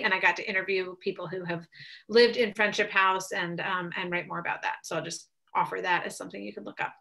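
A woman's voice: mid-range voice, vocal fry, bright, forceful tone. A woman in her thirties giving a thoughtful, earnest webcast talk, with frequent fillers and restarts. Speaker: guest speaker.

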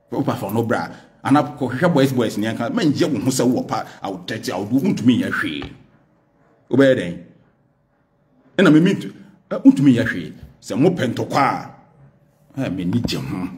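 A man's voice: fairly low pitch, darkish tone. Defiant Ghanaian man, emphatic. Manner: defiant, emphatic, switches between English and Twi. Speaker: political guest. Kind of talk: unscripted TV interview.

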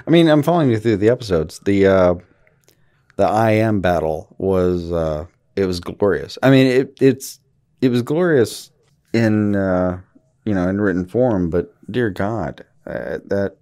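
A man's voice: fairly low pitch, lively intonation, measured pace, dark tone. A man co-hosting a podcast, chiming in with short, agreeable remarks in casual chat. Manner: brief, agreeable interjections. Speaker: podcast co-host.

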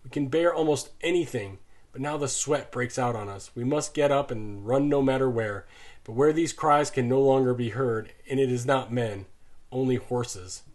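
A man reading a novel aloud as an audiobook narrator, measured and sinking low and soft in grim passages.

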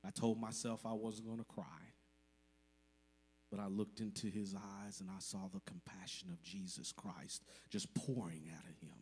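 Slight background noise surrounds a man whose lowish, slightly mellow voice keeps a steady tone and moderate pace. He is a church member giving his congregation a grateful, emotional testimony during a service, speaking sincerely from the heart.

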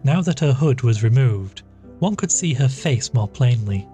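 A man reading a classic short story aloud as a podcast narrator, measured and even. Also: mid-range voice. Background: faint music.

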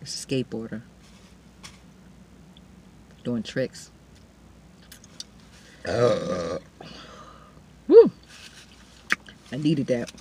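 A woman's voice: a bass voice, sing-song, drawn-out words, pauses often, dark tone, a little hiss or hum. A woman hosting a casual eating show, chatting with her viewers between mouthfuls and calling them y'all. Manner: eats and chews between remarks. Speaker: mukbang vlogger.

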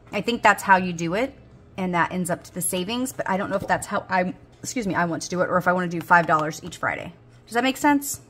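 A woman's voice: fairly low pitch, fairly bright tone. A woman, chatting casually as she unboxes budgeting supplies, gasping and gushing. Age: 40s. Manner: gushing, gasps and squeals with delight. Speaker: budgeting video host.

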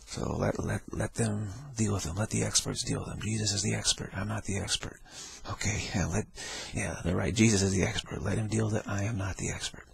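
A man with a low, heavily gravelly, husky voice rambles through a spiritual talk. He laughs often, repeats himself and acts out the people he quotes. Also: steady tone, fairly quick, hardly any pauses. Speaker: spiritual teacher.

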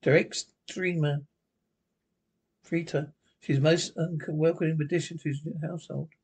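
Solemn narrator, husky and gravelly, radio drama reading. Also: male voice, on the high side, fairly even intonation, unhurried, darkish tone. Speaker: script reader.

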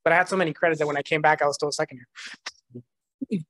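Man, church testimony, animated storyteller who laughs often, dry close recording. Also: on the high side, racing, no echo. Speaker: church member giving a testimony.

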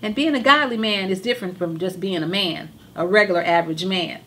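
A hoarse woman in a mid-range voice hosts a gospel television show. She preaches with fervent, repeated emphasis. A faint hum of background noise sits under her voice. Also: medium pitch, brisk, pushed and bright. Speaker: TV show host. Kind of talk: religious talk show monologue.

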